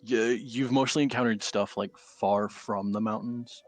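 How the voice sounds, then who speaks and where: A man acting as game master for a tabletop role-playing game, explaining things to the players in a measured, hedging way. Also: on the low side, steady tone.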